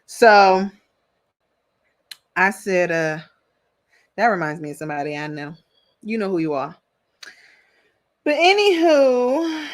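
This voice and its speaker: A reality TV commentator with a medium-pitched, slightly bright voice gives a casual, sassy recap of a reality show, chatty, opinionated, and full of slang.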